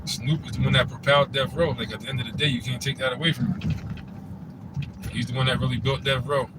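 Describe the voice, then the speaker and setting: A man's voice: mid-range voice, fairly even intonation, fast talker, very noisy. A man in a casual commentary monologue, laid-back and rambling, with the loose phrasing of a host talking to his channel. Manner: laid-back, rambling, frequent "you know what I'm saying".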